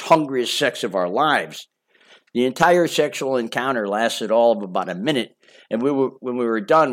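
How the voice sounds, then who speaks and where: An older man reading his memoir aloud in a casual, boastful storytelling manner with chatty asides. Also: mid-range voice. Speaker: memoir narrator.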